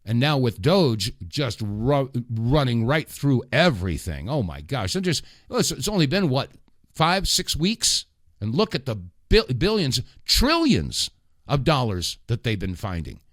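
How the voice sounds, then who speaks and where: A middle-aged man hosting a political talk radio show, delivering a rambling, impassioned monologue with sudden loud outbursts. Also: medium pitch, very animated, unhurried, dry recording, clean studio sound.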